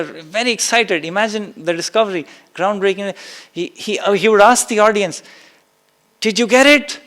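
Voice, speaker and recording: Slow, high-voiced spiritual teacher. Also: male voice, fairly bright tone. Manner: slow, emphatic, repeats key phrases, acts out exclamations. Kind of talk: spiritual talk to a live and online audience.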